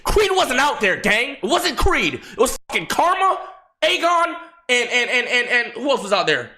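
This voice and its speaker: With big swings in pitch, a young man on stream spins a rambling tale for his chat, cursing heavily and restarting often. He shifts from low and hushed to loud and high.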